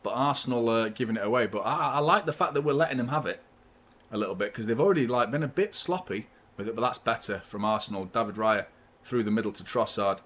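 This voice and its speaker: A man's voice: mid-range voice, fast talker, a bit bright. A man hosting a live football watchalong, giving chatty, partisan fan commentary and swearing freely.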